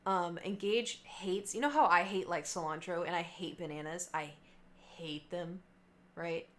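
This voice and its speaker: A woman's voice: lowish voice, measured pace. A young woman telling a long story casually to her stream chat, acting out the people in it with lots of fillers. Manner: chatty, animated quoting of others, many fillers.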